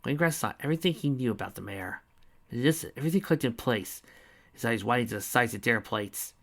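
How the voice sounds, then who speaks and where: A young adult man reading fan fiction aloud in an energetic, playful way, with casual asides. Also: medium pitch, fast, creaky.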